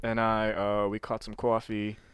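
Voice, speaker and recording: A young man co-hosting a casual podcast, telling an animated story with quick asides into a close mic. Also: fairly low pitch, smooth, no room sound. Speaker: podcast co-host. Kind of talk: casual chat.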